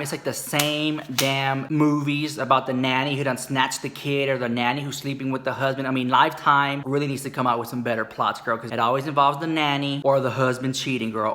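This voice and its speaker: Brief: camp male storyteller, gossipy and dramatic, tense bright voice, swoops high for effect. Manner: sassy, calls listener "girl" constantly, swings into high squeals and whispers. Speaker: comedic storyteller.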